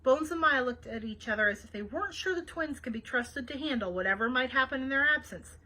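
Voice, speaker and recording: A woman reading a children's novel aloud for a library program, expressive and chatty, with small asides to her listeners. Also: high voice, brisk, rough recording. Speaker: library read-aloud host.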